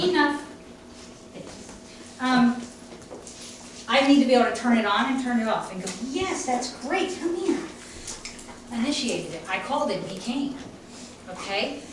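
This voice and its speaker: A woman's voice: a little high, a little slow, long pauses. A woman dog trainer giving a conversational, emphatic lecture to a class. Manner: conversational, emphatic, acts out owners' voices. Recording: echoey room from far off, faint noise.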